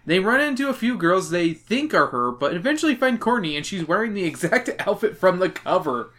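A man's voice: high-pitched, big pitch swings, brisk, fairly bright tone. A drunk man hosting a podcast, recapping a book with sarcastic, giggly asides. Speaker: podcast host.

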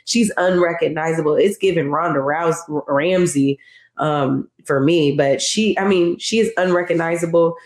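A woman's voice: low-pitched, normal speed. A woman hosting a show, chatting casually and talking straight to her viewers with slang. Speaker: show host. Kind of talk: casual commentary. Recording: roomy echo.

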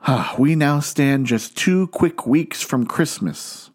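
A man delivers a sermon with a medium-pitched voice. He speaks earnestly, slowing down and lifting his voice for emphasis on key phrases. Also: expressive, darkish tone, slightly rough. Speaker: pastor.

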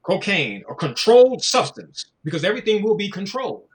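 A man's voice: high-pitched, very animated, brisk. A man in casual conversation, talking in a loose, profane, preachy way and acting out little voices as he goes. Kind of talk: casual chat.

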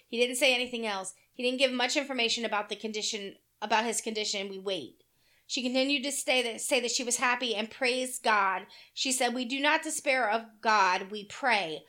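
A woman co-hosting a casual podcast chat, blunt and crude, cracking dark jokes and swearing freely. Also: a little high. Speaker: podcast co-host.

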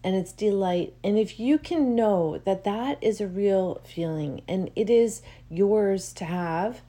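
Slow soft-spoken woman, mellow voice, rambling heartfelt spiritual talk w lots of ums. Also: medium pitch. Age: adult with a child. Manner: gentle, meandering, emotional, many fillers. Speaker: spiritual teacher. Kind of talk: heartfelt solo talk to listeners.

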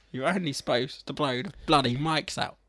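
A man's voice: medium pitch, normal speed, sharp tone, no echo. A man co-hosting a podcast, giving dry, laid-back replies in casual chat. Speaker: podcast co-host.

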